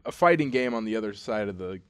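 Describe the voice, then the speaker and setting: A man's voice: lowish voice, lively intonation, fast, clean tone. A young man co-hosting a casual podcast, rambling and laid-back with lots of fillers. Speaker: podcast co-host. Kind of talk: casual chat.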